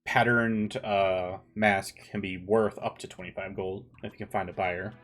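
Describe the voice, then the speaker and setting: A man with a lowish voice runs a tabletop game as game master, loose and joking, pausing and correcting himself as he reads out loot and rules. Soft guitar music plays faintly behind him. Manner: relaxed, joking, stumbles over rules text.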